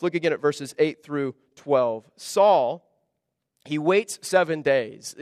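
High-voiced man preaching a sermon. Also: no room sound, clean studio sound. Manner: earnest preaching, shifts between intense emphasis and hushed asides. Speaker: pastor.

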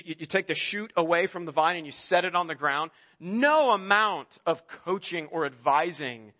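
A man preaches a sermon in a high, bright, forceful voice. He talks to the congregation conversationally and pushes into emphatic stretches. His voice carries a long reverb from a large hall. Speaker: pastor.

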